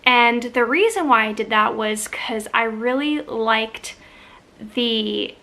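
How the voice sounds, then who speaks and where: A woman's voice: a little high, slow pace, sharp tone. A middle-aged woman, chatting casually in a vlog, rambling with fillers and restarts. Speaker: vlogger.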